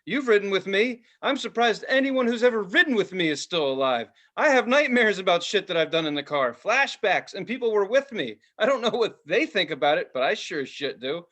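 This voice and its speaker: Male podcast co-host with a higher-than-average, very animated voice, casual and profane, jokey delivery. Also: a little fast, few pauses. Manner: profane, jokey banter with sudden silly voices. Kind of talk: casual chat.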